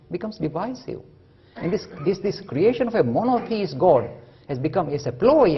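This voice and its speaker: A man lectures with a lively, swooping delivery, his voice raspy and gravelly. He brings his stories to life by acting out the voices. The recording is dull and lo-fi. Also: a little high. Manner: animated, acts out voices in anecdotes. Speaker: speaker on religion. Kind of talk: lecture with storytelling.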